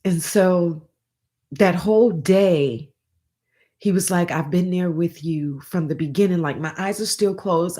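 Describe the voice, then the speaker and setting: Woman with a low voice, rambling emotional story to her viewers, lots of restarts. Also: unhurried, warm tone. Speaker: vlogger. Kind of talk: personal storytelling.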